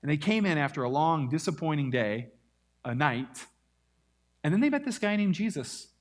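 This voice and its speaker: A man preaching a sermon, telling a Bible story with lively acted-out quotes. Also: fairly high pitch, normal speed. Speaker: pastor.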